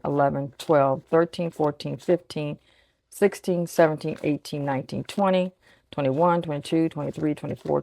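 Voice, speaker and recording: A woman in her sixties with a deep, low-pitched speaking voice talks casually through her budget, counting bills softly as she goes. The sound is close and dry, with no room around it. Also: no room sound. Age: 60s. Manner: chatty, thinks aloud, counts bills under her breath. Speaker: budgeting vlogger. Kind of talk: casual chat while cash stuffing.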